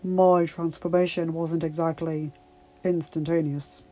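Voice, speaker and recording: A woman's voice: deep voice, little pitch movement, measured pace, mellow, dull audio, voice pushed down. A woman voicing a sly, unsettling old woman storyteller in a storybook reading. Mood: sinister.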